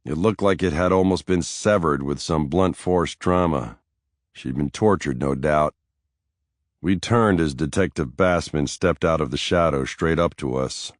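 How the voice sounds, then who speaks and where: A male audiobook narrator with a very deep, low voice and a steady, matter-of-fact delivery. The recording is close and dry, with no room sound. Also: unhurried, no room sound. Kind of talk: scripted first-person narration.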